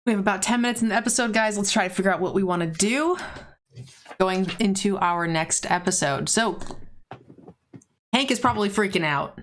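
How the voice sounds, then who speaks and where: A woman playing a tabletop game, taking charge briskly to steer the group's planning. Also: medium pitch. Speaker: player. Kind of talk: casual tabletop play.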